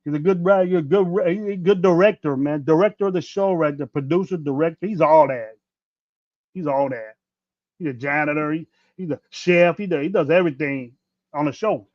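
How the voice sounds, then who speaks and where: This fifties-aged podcast host rants bluntly about sports on a casual livestream, swearing plenty and rambling through restarts. He speaks briskly in a voice on the high side with a darkish tone. A dull, dry lo-fi mic captures him with no room sound.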